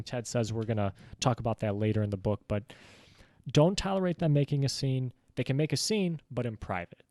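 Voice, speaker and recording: A young man summarizes a book in a loose, easygoing monologue full of casual fillers. His voice sits at an ordinary middle pitch. The sound is dry and close, with little room around it. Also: darkish tone, no echo. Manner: easygoing, rambling, many "like" fillers. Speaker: book reviewer.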